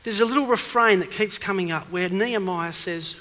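A man's voice: high voice, fairly quick, hardly any pauses, sharp tone. A man preaching an evening sermon who asks questions and presses home his points with emphasis, recorded in a church hall with a long reverb. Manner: questioning, emphatic, rises in force.

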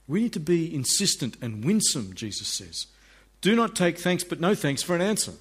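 Animated middle-aged male preacher. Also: fairly high pitch, normal speed, breathy edge. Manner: animated, acts out voices of people in the stories. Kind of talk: sermon.

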